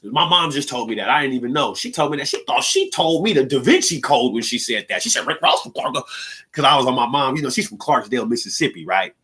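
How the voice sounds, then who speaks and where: A young Seattle man hosts a livestream podcast, rambling and joking through a casual monologue packed with slang and laughter. His medium-pitched voice has lively intonation and a sharp tone, and he talks fast with few pauses.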